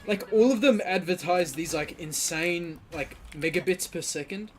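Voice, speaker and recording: A man's voice: sits high, moderate pace. A young man, casually commenting on gameplay while ranting with lots of swearing and fillers. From Australia. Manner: ranting, profane, frequent fillers. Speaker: gaming streamer.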